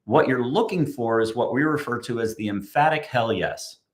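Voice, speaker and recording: A man talks as a guest on a marketing podcast, middle-pitched and full of conviction. He drives his points home emphatically and acts out quoted customers along the way. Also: moderate pace. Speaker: guest, chief creative officer. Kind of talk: podcast conversation.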